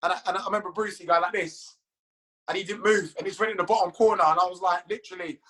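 Male guest with a raised voice, bright tone, chatty storytelling, swears, laughs at his own tales. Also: high-pitched, fairly even intonation, fast, poor audio. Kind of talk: casual storytelling.

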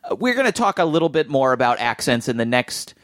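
A man's voice: medium pitch, big pitch swings, a little fast, fairly bright tone, no echo, clean studio sound. A man hosting a casual film discussion, chatty and enthusiastic as he thinks aloud. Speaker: film podcast host.

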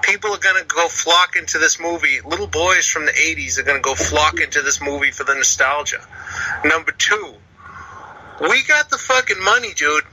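A little hiss or hum runs under this phone voicemail from a Boston-area man in his thirties, ranting casually to a podcast. His fairly high voice is pushed and bright at a moderate pace, and he lists points with emphatic profanity.

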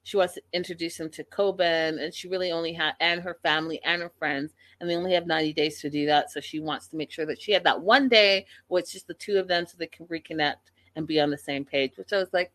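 A woman hosting a casual livestream, recapping a reality show and chatting with her viewers in an opinionated, animated way. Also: fairly low pitch, fairly quick.

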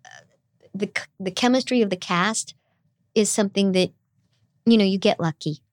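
With a medium-pitched voice at normal speed, a middle-aged voice actor whose girlish tone sounds youthful chats brightly in a casual interview. The recording is dry and studio quality.

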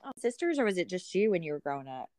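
A woman's voice: on the low side, big pitch swings, fast talker, a little mellow, no room sound, studio quality. A woman hosting a casual chat, bubbly and playful, laughing often as she asks questions. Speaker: host.

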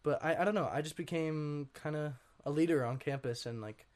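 A young man, a guest on an interview show, telling his story in a rambling, casual way, full of fillers and frequent throat clearing. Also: on the high side, fairly quick, darkish tone. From Washington state. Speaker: guest artist.

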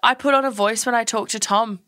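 A woman's voice: a little high, fairly even intonation, brisk, pushed and bright, dry recording. A young adult woman co-hosting a podcast, talking in a blunt, jokey way. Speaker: podcast co-host. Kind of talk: casual chat.

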